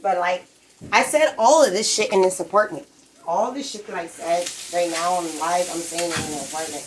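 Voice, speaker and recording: A woman's voice: lowish voice, normal speed, a little hiss or hum, rough recording. A woman on a live stream, ranting in a rambling, profane, agitated way from her apartment. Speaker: livestreamer.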